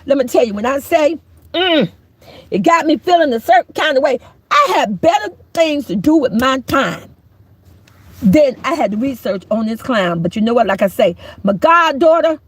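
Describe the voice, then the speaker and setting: A middle-aged woman giving an emphatic, preachy call-out rant as a YouTube commentator, often shouting. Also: fairly high pitch, very animated, normal speed, slightly rough, no echo.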